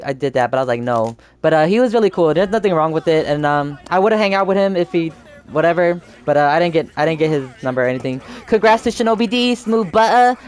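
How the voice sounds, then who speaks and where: A young man hosting a gaming channel, telling a meandering story while he plays and breaking into excited yelps at the game. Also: high-pitched, smooth. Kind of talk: rambling storytelling over gameplay.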